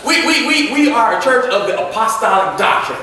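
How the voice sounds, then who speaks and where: A man's voice: very high voice, animated, brisk, pushed and bright, a little hiss or hum. A man teaching a Sunday school Bible lesson as a deacon, in a folksy way, laughing often and repeating words. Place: church. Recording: echoey church room from far off.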